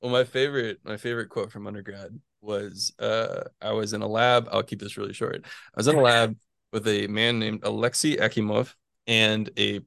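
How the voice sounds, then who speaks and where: A man's voice: lowish voice, level tone, normal speed, vocal fry, a bit bright, no room sound, clean studio sound. A man in his twenties, a physics PhD student, chatting casually as an interview guest, rambling with lots of fillers and little chuckles. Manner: rambling, chuckles between phrases, many fillers.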